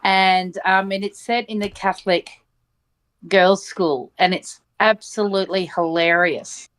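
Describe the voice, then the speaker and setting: A woman's voice: medium pitch, steady tone, measured pace, fairly bright tone. A woman co-hosting casual chat, rambling with many ums. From Australia.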